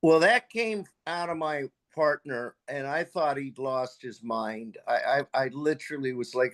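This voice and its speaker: A man, a filmmaker guest, telling a behind-the-scenes anecdote in a lively, profane way. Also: medium pitch, a little slow, hardly any pauses. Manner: animated, profane anecdote with acted quotes. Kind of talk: casual storytelling.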